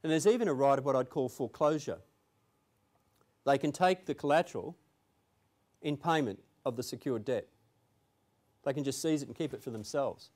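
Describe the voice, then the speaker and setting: A man's voice: mid-range voice, normal speed, long pauses, a little mellow. Conversational man giving a legal seminar. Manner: conversational, emphatic asides. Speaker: legal presenter. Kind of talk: seminar presentation with anecdote. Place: seminar room with an audience.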